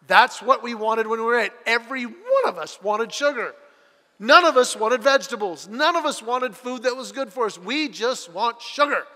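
A man preaching a sermon, telling stories and acting out the voices in them, swinging from loud bursts to quiet, earnest passages. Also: extremely high pitch, big-room sound. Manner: animated storytelling, acting out voices with big swings in loudness. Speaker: pastor.

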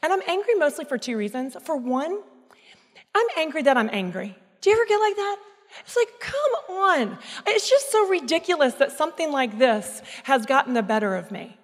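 A woman in her thirties speaking into a microphone at a church service, telling a candid personal story in an animated, self-mocking way. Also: high voice, brisk. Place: church auditorium. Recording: echoey hall sound.

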